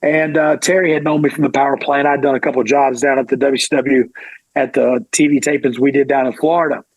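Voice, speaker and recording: A middle-aged man, a former pro wrestler, telling a lively story in an interview. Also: mid-range voice, a little fast, dry recording, rough recording. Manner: animated, acts out quoted voices.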